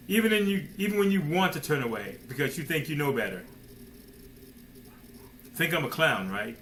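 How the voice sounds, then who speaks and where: A man's voice: on the high side, very animated, normal speed, sharp tone, slight background noise, poor audio. A man preaching a sermon emphatically, firing rhetorical questions and addressing listeners directly as man and son.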